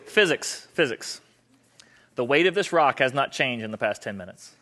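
A man speaking on stage before an audience, animated, acting out dialogue in raised voices and repeating phrases for emphasis. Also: medium pitch, moderate pace. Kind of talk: motivational talk with a live volunteer.

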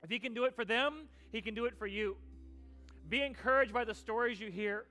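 High, bright-voiced man preaching a sermon. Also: brisk, soft background music. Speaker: pastor.

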